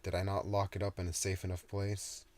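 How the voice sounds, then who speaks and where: A man voicing a brash, hot-tempered young woman captain in a read-aloud story, loud and cursing. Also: low-pitched, monotone, a little fast, natural voice. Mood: angry.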